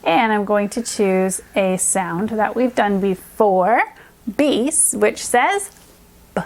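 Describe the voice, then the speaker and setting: A woman reading specialist leading a children's phonics lesson, upbeat and encouraging, stretching out sounds slowly and carefully. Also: medium pitch, lively intonation.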